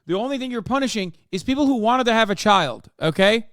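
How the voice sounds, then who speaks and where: A man's voice: high-pitched, animated, brisk, a bit bright, no echo, clean studio sound. A man in his thirties ranting as a live streamer, profane and combative, arguing with his chat. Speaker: streamer reacting to a political interview. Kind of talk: heated live-stream commentary.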